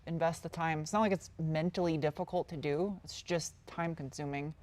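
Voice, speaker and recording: A woman's voice: sits low, steady tone, normal speed, darkish tone. Chatty woman answering live chat. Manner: chatty, rambling, reads out chat questions and answers them. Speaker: car-build YouTuber answering live chat. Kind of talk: casual live-stream Q&A.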